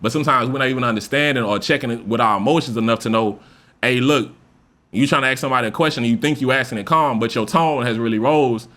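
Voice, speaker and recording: Fast-talking man with a loose, profane delivery. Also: medium pitch. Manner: loose, profane, animated speaker who acts out example voices. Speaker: podcast host. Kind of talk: casual monologue.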